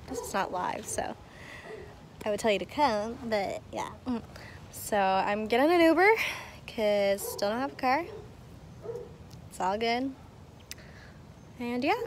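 A woman's voice: mid-range voice, background noise. Chatty young woman vlogging outdoors. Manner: chatty, candid, frequent ums and likes. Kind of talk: casual vlog talk to camera. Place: outdoors and at home in Florida, handheld camera. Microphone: built-in camera mic.

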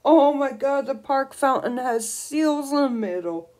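A young woman streaming a video game, gushing and excitable as she squeals over new items. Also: a little high, slow pace, hardly any pauses. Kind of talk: casual gameplay commentary.

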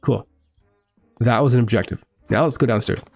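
A young man commentating a horror game live, excitable, swearing and joking to viewers. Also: medium pitch, normal speed, creaky, no room sound, faint music behind. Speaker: gaming streamer.

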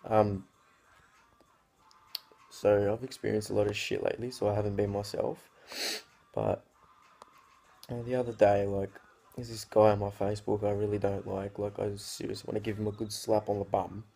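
A man's voice: on the low side, flat delivery, moderate pace, vocal fry, pauses often, dark tone. A teenage man, ranting casually to camera in a sweary, rambling way. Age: teens. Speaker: vlogger.

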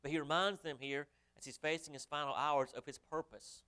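Smooth-voiced male pastor preaching. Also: a little high, fairly even intonation, fairly quick, bright, forceful tone. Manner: asks the congregation rhetorical questions; reads scripture aloud in old-fashioned wording. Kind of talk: sermon.

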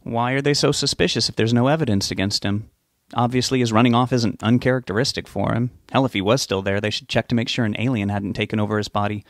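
A detached young man talks in a flat, numb tone, voiced by a male narrator. His words come quietly and evenly, sometimes with a dry edge. The sound is close and dry. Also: mid-range voice, fast talker, few pauses, no echo, lightly acted. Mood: sardonic.

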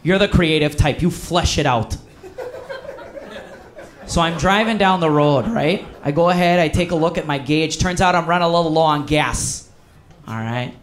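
A man's voice: a little high, normal speed, close to an everyday voice. A middle-aged small-town uncle with a thick Wisconsin accent, folksy and sure of himself, as a man puts him on. He rambles on and keeps calling out names in a raised, eager voice. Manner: folksy, repeats name, long-winded.

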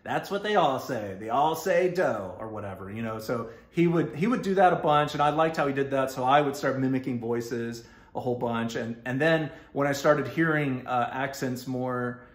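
A man's voice: mid-range voice, normal speed, reverberant. Rambling Texan man telling a story. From Texas. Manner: rambling with many fillers and restarts, laughing often. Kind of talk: casual storytelling.

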